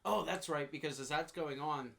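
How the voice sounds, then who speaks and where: A man's voice: on the high side, moderate pace, vocal fry, a bit bright. A man casually recapping a horror movie on a podcast, rambling and laughing often, jumping into raised voices to quote characters. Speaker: podcast co-host.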